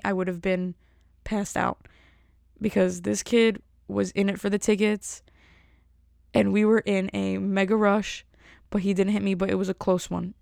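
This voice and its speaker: A woman in her twenties telling stories in a loose, chatty way and slipping into little voices for the people she quotes. Her pitch is mid-range for a woman. The recording is dry and close, with no room sound. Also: darkish tone, no room sound. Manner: chatty storyteller, acts out quotes. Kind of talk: casual chat.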